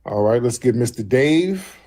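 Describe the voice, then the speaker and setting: A man's voice: medium pitch, animated, a little slow, dark tone. A man hosting a live call-in show, repeating prompts to callers and mocking an angry one. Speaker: host.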